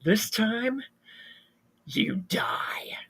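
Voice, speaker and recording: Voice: medium pitch, moderate pace, lightly acted. The narrator doing a smug taunting male killer.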